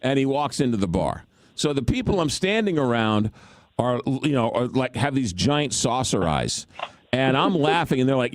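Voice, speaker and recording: Animated male talk show host, dry sound. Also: mid-range voice, moderate pace, no room sound. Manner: animated, self-mocking storyteller.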